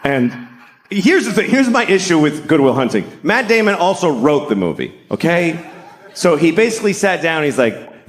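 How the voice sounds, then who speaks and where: A man's voice: on the high side, very animated, moderate pace. A middle-aged man doing stand-up comedy in a sarcastic, profane way, slipping into mocking voices.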